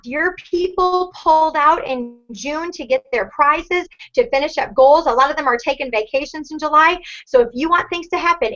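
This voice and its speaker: Upbeat team-leader woman, forties, high bright voice, whoops and cheers; lo-fi call sound. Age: 40s.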